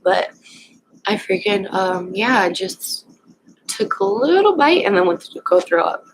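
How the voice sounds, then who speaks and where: A young woman vlogger casually telling a personal story at home, rambling and halting with lots of fillers. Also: mid-range voice, sing-song, a little hiss or hum, rough recording.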